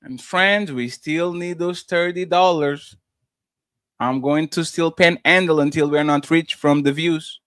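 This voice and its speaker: A man hosting a live stream, loudly reading out and reacting to chat messages. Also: fairly high pitch, a little slow, no room sound. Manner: loud, animated, shouts out chatters. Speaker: livestream host.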